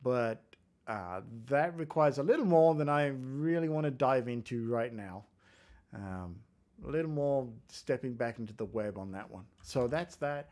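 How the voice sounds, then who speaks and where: An English man hosts a casual live coding stream, reading out viewer comments while chatting and joking about his own code in a self-deprecating way. His voice is medium-pitched and animated, with a darkish tone and a measured pace.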